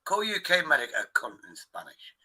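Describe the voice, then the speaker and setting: A man's voice: fairly high pitch, huge pitch swings, sharp tone, low-quality recording. A man chatting casually on a stream, swearing and joking. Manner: swearing, banter, quick asides. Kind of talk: casual chat.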